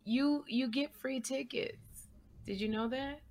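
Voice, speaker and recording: A woman's voice: high voice, unhurried, darkish tone. A woman, teasing and encouraging a friend in casual chat.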